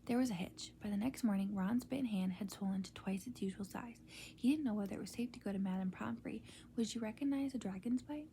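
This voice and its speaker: A woman reading a storybook aloud in a soft, unvoiced ASMR whisper. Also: medium pitch, fairly quick, a little hiss or hum.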